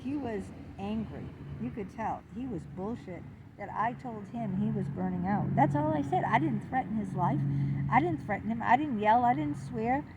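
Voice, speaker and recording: A middle-aged woman vlogger telling a personal story in an indignant, animated, exclaiming way. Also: a little high, normal speed, highs cut off, very noisy. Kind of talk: confessional storytelling to camera.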